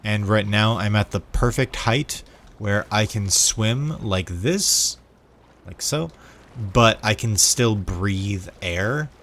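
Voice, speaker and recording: Low-ish american guy rambling while he plays, tired, keeps repeating himself, faint background hiss. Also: slow pace, a bit bright. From United States. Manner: meandering, repeats words, chatty asides to viewers. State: sleep-deprived. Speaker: gaming vlogger. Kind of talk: rambling casual gameplay chat.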